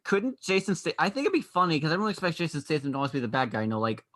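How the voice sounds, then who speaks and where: A man with a bright, forceful, slightly high voice, talking loosely on a movie podcast. He rambles, backtracks and now and then acts out a line for a laugh. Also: lively intonation, very fast. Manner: rambling, puts on silly voices and yells for jokes. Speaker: podcast co-host. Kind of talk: casual movie chat.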